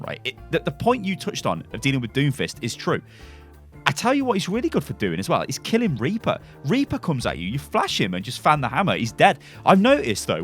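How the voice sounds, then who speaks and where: Man, gaming show host, casual commentary, excitable, fast talker. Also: mid-range voice. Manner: excitable, rambling with restarts.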